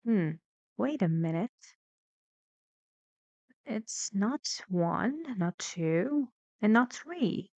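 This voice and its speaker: Slow, deliberate woman teaching pronunciation. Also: medium pitch, lively intonation, a little mellow, no echo, lo-fi sound. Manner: slow, deliberate, repeating each word for practice. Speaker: English teacher. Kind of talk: pronunciation lesson.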